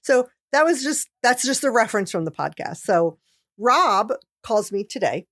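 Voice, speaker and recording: A woman's voice: on the high side, sing-song, normal speed, no room sound, studio quality. A woman co-hosting a podcast, telling stories in casual chat and laughing often. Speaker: podcast co-host.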